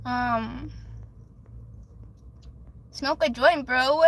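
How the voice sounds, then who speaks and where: A woman's voice: high voice, drawn-out words, a bit bright, dry recording. A woman hosting a livestream with card readings, chatting casually and rambling emotionally straight to her viewers.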